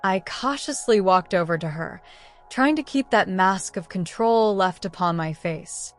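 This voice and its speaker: A woman narrating a romance audiobook in the first person, reading in a measured, emotive way. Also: mid-range voice, animated, soft background music.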